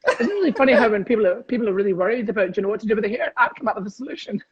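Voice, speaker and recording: A man's voice: high-pitched, expressive, very fast, breathy edge, dull audio. A Scottish man, a comedian, chatting cheekily on a video call and laughing often. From Scotland. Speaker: comedian guest. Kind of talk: casual chat on a video call.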